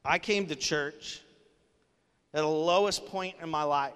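A man's voice: fairly high pitch, measured pace, a bit bright, clear, resonant tone. A male pastor preaching a sermon in an earnest, conversational way, with casual fillers. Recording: long hall reverb.

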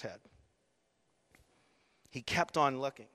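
This male pastor preaches with animation in a voice that is high, bright and forceful, moving a little slowly and pausing often. Acting out the scene, he swings between abrupt shouts and quiet asides while a large hall's long reverb echoes his words.

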